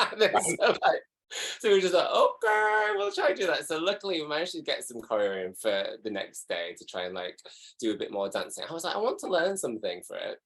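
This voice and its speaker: A man with a Yorkshire accent from West Yorkshire, chatting as a guest in a relaxed interview, giggling and jumping up high when he quotes people. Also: brisk. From West Yorkshire, England. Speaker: guest, drag performer. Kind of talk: casual interview chat.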